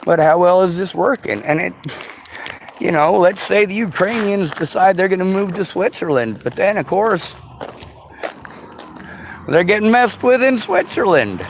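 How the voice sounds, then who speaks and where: A man ranting to his viewers, sarcastic and profane, slipping into mocking high voices, with a faint background hiss. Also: expressive, a little slow, pauses often. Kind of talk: angry rant to viewers. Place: vehicle.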